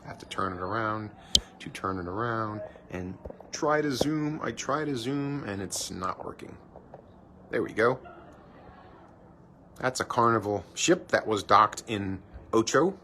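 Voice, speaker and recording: A man's voice: on the low side, lively intonation, a little slow, bright, forceful tone, a little hiss or hum. A man live streaming from his cruise ship balcony on a handheld phone, chatting playfully and teasing himself while he narrates what he sees. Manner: chatty, playful, self-mocking banter.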